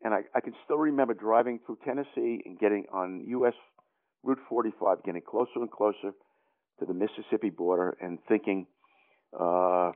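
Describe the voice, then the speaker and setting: A man's voice: on the low side, moderate pace. An older man with a New York accent, telling a long story as an interview guest in a rambling way full of fillers and restarts. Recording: tinny phone line.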